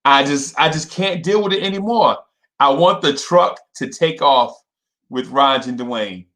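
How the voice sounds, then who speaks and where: A young man hosting a casual fan livestream, repeating himself and shouting out viewers by name. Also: on the high side, unhurried.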